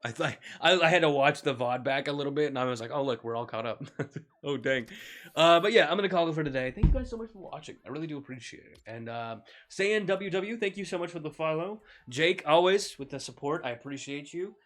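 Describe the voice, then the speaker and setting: A man's voice: a little high, lively intonation, brisk, fairly bright tone. A man streaming a game, talking in a casual, rambling way full of jokes and tangents. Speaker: gaming streamer. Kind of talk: casual gaming stream commentary.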